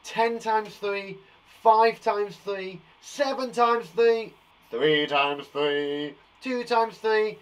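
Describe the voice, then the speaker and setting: A man's voice: high-pitched, level tone, slow, clean tone. Man, from England, primary teacher, playful, encouraging, live online lesson for small children. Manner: playful, encouraging, chats to viewers by name.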